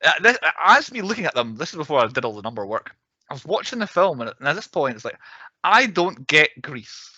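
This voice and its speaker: A man's voice: a little high, big pitch swings, racing, pushed and bright, breathy edge, no echo, highs cut off. A young adult man co-hosting a podcast in casual chat, talking at length and laughing often. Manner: chatty, laughs often, acts out quotes. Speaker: podcast co-host.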